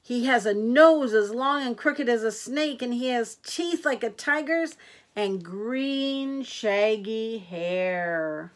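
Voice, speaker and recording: An older woman doing the great big billy goat brother from a storybook, calling out loud and bold. The voice stays close to her own, slow and deliberate. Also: fairly high pitch, expressive.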